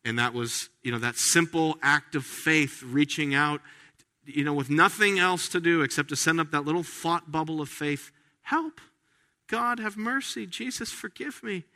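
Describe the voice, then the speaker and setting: A pastor preaching a sermon in an earnest, conversational way, slowing down to stress key phrases. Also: male voice, on the high side, steady tone, sharp tone.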